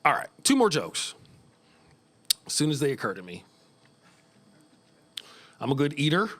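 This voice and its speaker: A man's voice: on the high side, wildly swooping pitch, a little slow, a bit bright. A man in his fifties from Northern California doing loose, profane live stand-up comedy in a small club, chuckling at his own jokes. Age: 50s.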